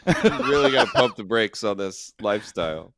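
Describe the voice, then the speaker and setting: A man's voice: on the low side, lively intonation, a little fast, a bit bright, no room sound, studio quality. A man co-hosting a casual comedy podcast, telling laid-back joking stories.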